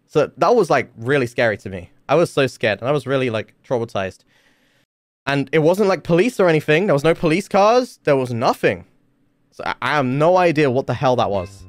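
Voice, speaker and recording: A man streaming from home, telling a story in a casual, rambling way with lots of filler words and swearing. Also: on the high side.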